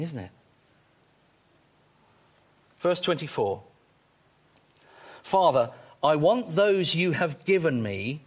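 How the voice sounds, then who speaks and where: A man preaching a sermon, excitable, moving between quiet stretches and loud exclamations. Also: mid-range voice.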